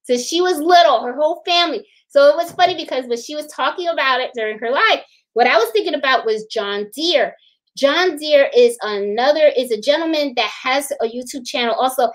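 A woman with a high voice talks casually on a live stream. She rambles and repeats phrases, greets viewers, and laughs often. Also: a little fast, poor audio. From Puerto Rican. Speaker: livestream host.

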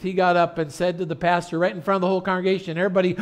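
A man pastor preaching an earnest sermon in a church, turning loud and dramatic when telling a story. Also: high voice, little pitch movement, fast, few pauses. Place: church sanctuary.

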